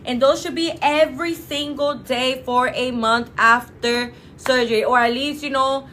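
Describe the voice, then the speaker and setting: Bright high-voiced chatty woman. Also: fairly even intonation, a little slow, slight background noise. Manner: chatty, emphatic, many fillers, addresses viewers as you guys. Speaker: clinic representative. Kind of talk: casual promotional talk to camera.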